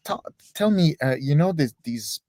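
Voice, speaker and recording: A man's voice: fairly high pitch, expressive, measured pace, warm tone, no room sound. Hesitant male interviewer, dry close sound. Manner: hesitant, many restarts while framing questions. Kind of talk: casual interview chat.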